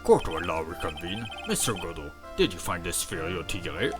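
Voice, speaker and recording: A man's voice: deep voice, sing-song, moderate pace, over music. A man voicing a nervous older male judge who stammers and fumbles. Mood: formal. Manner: stammering, flustered.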